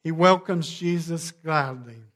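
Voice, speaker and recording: A man preaching a sermon, measured, sinking to a quiet hush on key phrases. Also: a little high. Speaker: pastor.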